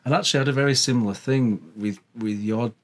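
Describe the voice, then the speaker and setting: A man's voice: medium pitch, quick pace. A man from England, the interviewer in a casual conversation, sharing his own experience in a chatty, agreeable way.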